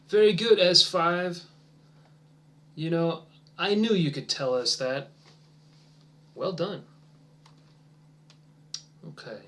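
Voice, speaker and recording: A man teaches a demonstration English lesson for teachers, drawn-out and encouraging, softening to near-whispers as he waits for answers. His high-sitting voice is very animated, and there's slight background noise.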